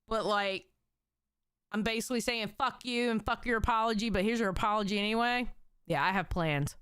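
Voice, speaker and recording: A woman's voice: mid-range voice, fairly bright tone, clear, resonant tone, no room sound, studio quality. A young adult woman from Southern California, hosting a reaction stream in blunt, profane, jokey commentary.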